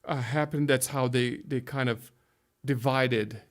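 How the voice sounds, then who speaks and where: A man's voice: mid-range voice, steady tone, unhurried. A man in his fifties from Hungary with a Hungarian accent, a pastor being interviewed who speaks carefully and often restarts while searching for English words. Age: 50s. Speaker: guest, pastor. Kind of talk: conversational interview.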